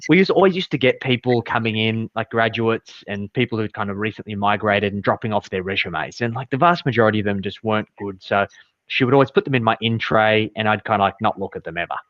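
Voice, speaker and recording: A man's voice: on the low side, fast, a bit bright, no room sound. Blunt man telling stories. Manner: blunt, storytelling, swears casually. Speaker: podcast co-host, financial adviser. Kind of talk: casual podcast chat. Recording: dull, dry sound.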